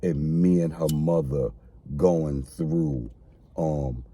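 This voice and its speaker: A man's voice: very deep voice, very slow, warm tone, slightly rough. A man co-hosting a casual podcast conversation, speaking earnestly and repeating phrases as he explains. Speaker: podcast co-host.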